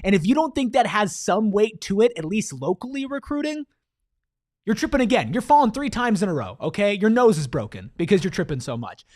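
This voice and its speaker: High-voiced, animated sports talker. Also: male voice, fairly quick, no echo. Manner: animated, emphatic, slangy. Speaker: sports podcast co-host. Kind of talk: casual sports talk.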